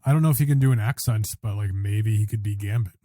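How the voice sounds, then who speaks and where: A man's voice: on the low side, quick pace, dark tone. A man co-hosting a casual podcast chat, talking in a chatty, agreeable way with lots of "you know" and "like.". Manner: chatty, filler-heavy, agreeable. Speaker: podcast co-host.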